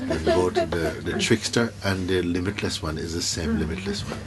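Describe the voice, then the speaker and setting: A man giving a spontaneous spiritual talk to a gathering, playful and teasing in an unhurried way. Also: low-pitched, huge pitch swings, very noisy. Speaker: spiritual teacher.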